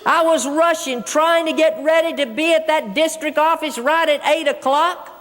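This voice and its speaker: Folksy woman, keynote storyteller, high voice, big-hall reverb. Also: normal speed, fairly bright tone. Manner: folksy, addresses audience as folks. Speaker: keynote speaker. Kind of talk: humorous storytelling speech. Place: large auditorium.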